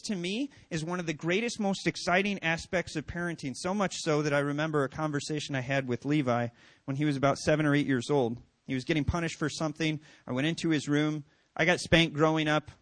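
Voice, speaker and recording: A man in his forties preaching a sermon as a pastor, earnest and rising to loud, emphatic stretches as he tells stories about his children. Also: on the high side, no echo.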